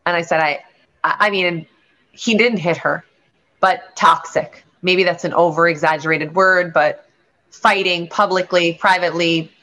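A woman's voice: lowish voice, steady tone, a little slow, pushed and bright. A woman, a realtor and guest on a show, telling a candid personal story in an earnest, rambling way with frequent restarts. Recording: lo-fi dull sound.

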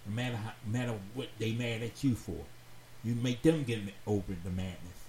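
A man hosting a radio talk show, giving heartfelt advice in a slow, earnest, preachy way and repeating phrases for emphasis. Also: on the low side, darkish tone. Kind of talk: heartfelt advice monologue to listeners. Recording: roomy echoey sound with faint background noise.

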